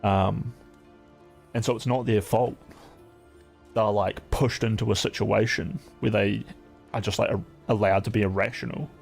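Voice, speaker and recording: A man's voice: fairly low pitch, fairly even intonation, moderate pace, creaky, long pauses, faint music behind. A man streaming, chatting casually in a rambling, profane way, full of "like" fillers.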